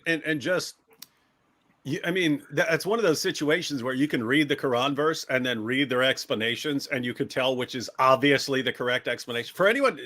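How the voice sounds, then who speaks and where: A man hosting a critical commentary talk, animated and sarcastic, acting out the people he quotes. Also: mid-range voice.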